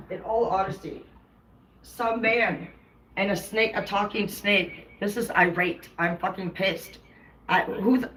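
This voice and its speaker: A woman's voice: lowish voice, fairly bright tone, low-quality recording. A woman tarot reader talking casually to her live-stream viewers in a blunt, rambling, heavily profane way.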